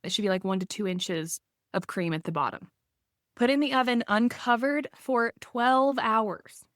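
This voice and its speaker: A woman's voice: on the high side, moderate pace, a bit bright, dry recording, clean studio sound. A woman co-hosting a podcast in casual chat, laughing often and talking with lots of fillers. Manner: chatty, laughs often, many likes and fillers. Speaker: podcast co-host.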